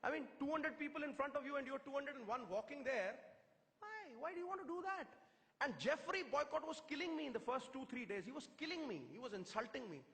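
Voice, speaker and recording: A middle-aged man with a Punjabi-tinged Indian English accent, telling stories to an audience in a theatrical, punchy way with quick one-liners. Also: very high-pitched, expressive, a bit bright. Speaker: motivational speaker. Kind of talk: storytelling speech to a live audience. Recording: hall reverb.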